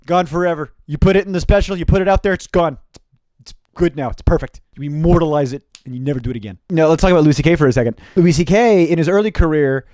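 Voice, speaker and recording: A young man, a stand-up comedian, riffing casually to camera in a fast, animated way with profane jokey asides. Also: on the high side, no room sound. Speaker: stand-up comedian and video host.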